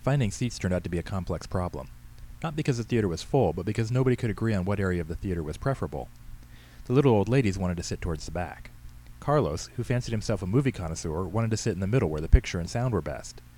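A man narrating a story in a dry, even manner. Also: low-pitched, fast talker, a little hiss or hum. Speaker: audiobook narrator. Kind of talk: scripted narration.

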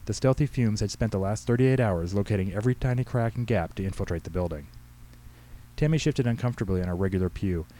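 A man reading aloud his own humorous short story with a brisk, wry delivery. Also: on the low side, mellow, rough recording. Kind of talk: storybook narration.

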